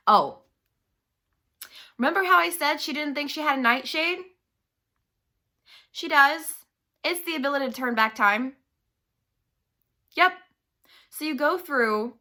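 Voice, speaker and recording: A woman's voice: high voice, expressive, moderate pace, long pauses, pushed and bright. A young woman giving a casual book-review rant on her vlog, chatty, swearing freely and saying "like" constantly.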